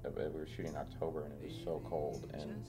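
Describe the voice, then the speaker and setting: A man's voice: extremely low pitch, level tone, fast talker, music in the background. A man being interviewed as an actor, chatting casually and rambling through stories full of fillers. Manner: rambling, filler-heavy storytelling. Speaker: actor guest.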